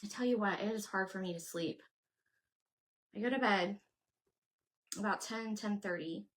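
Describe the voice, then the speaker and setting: A woman's voice: mid-range voice, normal speed, background noise. A woman hosting a casual crafting livestream, chatting away and thinking aloud as she works and answers her viewers. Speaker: craft channel host.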